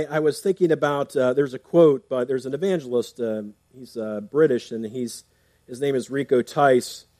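A man's voice: medium pitch, a little mellow, dry recording. A man preaching a sermon in a conversational way, reading scripture aloud and explaining it, often restarting with fillers. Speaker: pastor.

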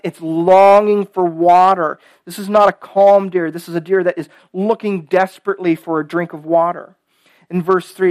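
A man's voice: high voice, no room sound. Man preaching in a dry, close sound. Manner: conversational, with many "kind of" and "right?" asides; reads scripture aloud with rising emphasis. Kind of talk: sermon.

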